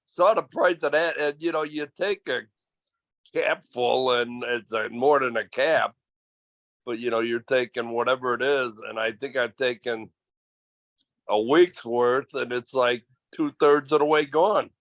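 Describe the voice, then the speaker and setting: A man's voice: medium pitch, a little slow, a bit bright, no echo. A man talking on a casual call, chatty and rambling as he tells about his family. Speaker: caller.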